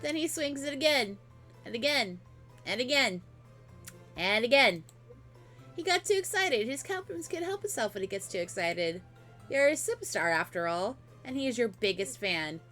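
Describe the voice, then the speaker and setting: A woman's voice: on the high side, big pitch swings, normal speed, a bit bright, faint music behind. A young woman streamer reading a visual novel aloud during a casual playthrough, adding wry asides.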